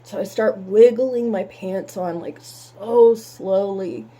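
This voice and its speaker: A woman telling a painful personal story in halting words, holding back tears. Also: mid-range voice, mellow.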